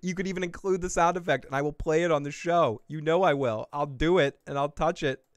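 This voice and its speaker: A man's voice: on the high side, brisk, clear, resonant tone, no echo. A man hosting a live recap podcast, casual and jokey, swearing, laughing often and reading the chat aloud. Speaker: podcast host.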